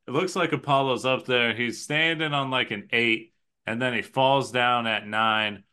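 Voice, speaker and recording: A man's voice: mid-range voice, steady tone, unhurried, pushed and bright, clean tone. A man co-hosting a podcast, chatting casually and recapping movie scenes with enthusiasm. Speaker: podcast co-host.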